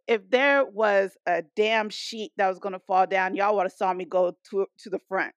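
A woman co-host in a casual group chat about wrestling, telling an animated, profane story. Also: medium pitch, moderate pace, no echo, dull audio.

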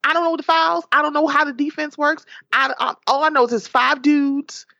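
A woman guest on a podcast, chatting casually, animated and profane, often laughing. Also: high voice, brisk, creaky, no room sound, dull audio. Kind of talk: casual chat.

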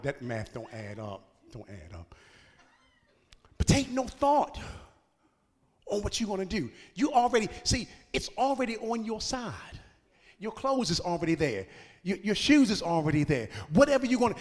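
A man's voice: fairly high pitch, fairly bright tone, big-room sound. A man preaching a sermon in a folksy, playful way, joking with the congregation and laughing between phrases.

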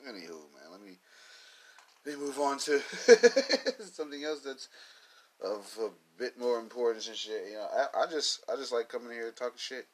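A man's voice: medium pitch, expressive, normal speed, breathy edge. A man talking in a casual, rambling monologue, swearing freely, laughing often and leaning on fillers. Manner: profane, loose, laughs often, many fillers. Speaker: commentator.

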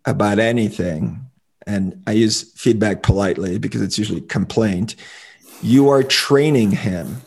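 A man talking as a relationship coach on a casual podcast, explaining his views in an opinionated, relaxed way. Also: on the low side.

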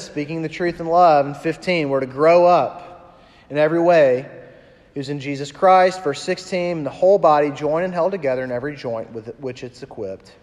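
A man preaching a sermon in a conversational storytelling manner, often dropping to a hushed voice for emphasis. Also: on the high side, in a large hall. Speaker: pastor.

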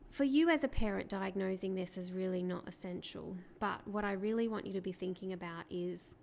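A woman speech therapist explaining to parents in a clear, patient teaching talk, asking rhetorical questions along the way. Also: mid-range voice, darkish tone, slight background noise.

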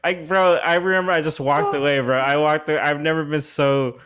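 A man's voice: fairly high pitch, steady tone, a little fast, fairly bright tone, clean tone. A man hosting a podcast, telling a story in a rambling casual chat full of slang and swearing, his voice rising when he gets worked up. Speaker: podcast host.

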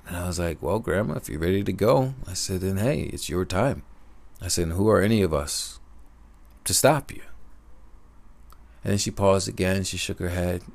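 A man with a very low voice and a gravelly rasp, speaking slowly and reflectively. He tells a personal story straight to his listeners in a soft-spoken, unhurried monologue. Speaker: podcaster.

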